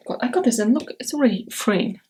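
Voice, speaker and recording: A woman's voice: a little high, expressive, fast talker, a little mellow, a little hiss or hum. A woman vlogging about books in a casual chat to camera, chatty and rambling, with blunt opinions and lots of fillers. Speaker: book vlogger.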